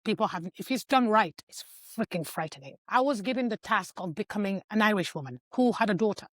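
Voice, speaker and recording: A woman telling a personal story on a podcast, animated and emotional, acting out the scenes she describes. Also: mid-range voice, a little fast, no room sound. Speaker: podcast guest. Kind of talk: casual podcast chat.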